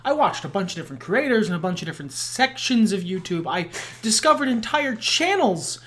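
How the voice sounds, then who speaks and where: A man with a high, nasal voice co-hosting a podcast in casual chat, blunt and self-deprecating, swearing freely. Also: big pitch swings, a little fast, a bit bright. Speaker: podcast co-host.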